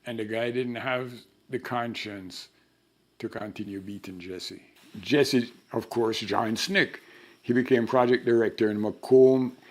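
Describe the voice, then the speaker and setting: Older man telling lively anecdotes. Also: medium pitch. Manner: animated storyteller who acts out the voices in his anecdotes. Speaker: interviewee. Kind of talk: storytelling interview.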